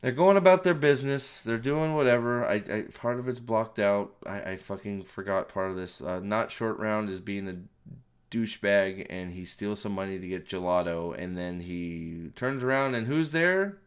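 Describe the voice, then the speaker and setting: A man's voice: on the low side, moderate pace, smooth. Exasperated, profane man ranting about a movie. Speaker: movie reviewer. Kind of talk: ranting spoiler review.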